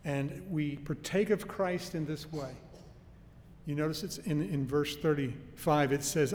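A man preaching a sermon in an earnest, emphatic way, slowing down to stress key phrases. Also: on the high side, a little mellow. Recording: faint noise and long hall reverb.

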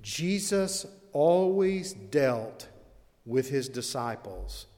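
A male preacher delivering a sermon with dramatic swings between quiet, intimate asides and loud, drawn-out emphasis. His voice sits at an ordinary middle pitch for a man. The sound rings with the long reverb of a big hall. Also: big pitch swings.

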